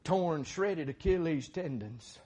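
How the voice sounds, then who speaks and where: A middle-aged man preaching a sermon, moving from quiet talk to fervent shouting. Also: a little high, lively intonation, slow, slightly rough.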